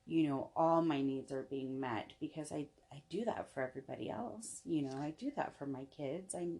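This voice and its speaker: A woman's voice: low-pitched, moderate pace, warm tone. A young adult woman, a podcast guest, talking in a rambling, casual way full of restarts and "you know". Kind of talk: casual chat.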